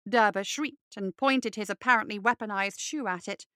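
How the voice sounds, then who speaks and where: Bright, crisp woman narrator. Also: medium pitch, normal speed, no echo, studio quality. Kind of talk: scripted audiobook narration.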